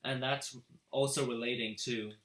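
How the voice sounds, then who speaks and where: A teenage boy co-hosting a student podcast, explaining points haltingly with lots of fillers. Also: mid-range voice, steady tone, a bit bright, a little hiss or hum. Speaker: co-host. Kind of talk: casual chat. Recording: echoey room.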